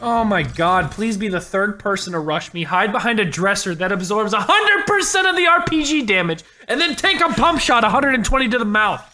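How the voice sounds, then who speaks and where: A man hosting a gaming video, chatting casually over gameplay, excitable and swearing, yelling when frustrated. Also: high voice, brisk, hardly any pauses, background noise.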